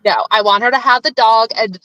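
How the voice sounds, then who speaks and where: Bright, playful woman on a livestream panel. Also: a little high, a little fast, dry recording, highs cut off. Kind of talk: casual livestream panel chat.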